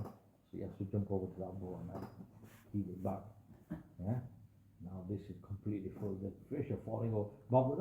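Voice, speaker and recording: A man's voice: fairly low pitch, a little fast, roomy sound, narrow, tinny audio, a little hiss or hum. A young man preaching a sermon, telling a story dramatically with frequent asides to his audience.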